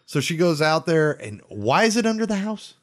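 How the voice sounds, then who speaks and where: A man's voice: a little high, big pitch swings, normal speed, fairly bright tone, no room sound, studio quality. A man in casual movie chat, animatedly retelling scenes with plenty of swearing.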